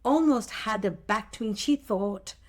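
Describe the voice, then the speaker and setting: A middle-aged woman, a mother living in Australia, telling stories in animated casual chat as a podcast co-host. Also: medium pitch, unhurried.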